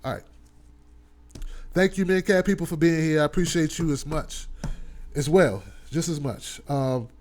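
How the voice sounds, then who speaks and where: A man's voice: on the high side, moderate pace, pauses often, darkish tone, a little hiss or hum. Earnest man rallying his audience. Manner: earnest, repetitive, rallying, informal speech. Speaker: host. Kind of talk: live online talk show with chat shout-outs.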